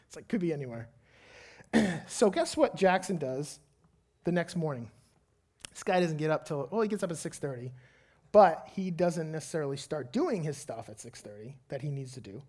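A man, a father of a young child, preaching as a pastor and telling a lively personal story before slowing into earnest prayer. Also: on the high side.

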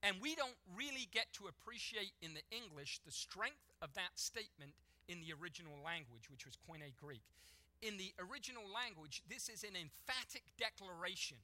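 A man preaching a sermon to his congregation, emphatic and building to forceful peaks. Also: high-pitched, lively intonation, normal speed. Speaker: pastor.

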